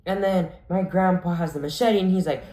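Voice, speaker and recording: A man's voice: high-pitched, fairly even intonation, a little fast, mellow. A man casually telling a storytime vlog, rambling breathlessly and filling his sentences with "like". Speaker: vlogger. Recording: echoey room.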